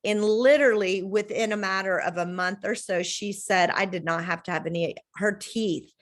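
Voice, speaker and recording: Chatting casually over a video call from home, the host is a woman who spins lively stories at a moderate pace. When she quotes people, she performs the lines with dramatic pitch leaps.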